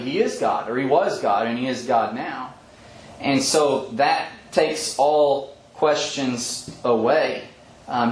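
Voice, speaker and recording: Male bible teacher, mid pitch, explanatory and unhurried, echoey room. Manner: thoughtful, explanatory, with frequent ums and restarts. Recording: echoey room with faint background hum.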